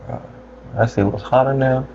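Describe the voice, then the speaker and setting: A man's voice: mid-range voice, fairly even intonation, fairly quick, a little mellow. A young man co-hosting a podcast in casual chat, trading laid-back jokes and slang. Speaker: podcast co-host. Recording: muffled lo-fi sound with faint background noise.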